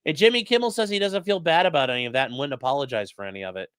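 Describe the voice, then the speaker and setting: A man's voice: on the high side, very fast, fairly bright tone, clean tone, dry recording. A man commentating on news in a casual live stream, crude and mocking, reading chat messages aloud.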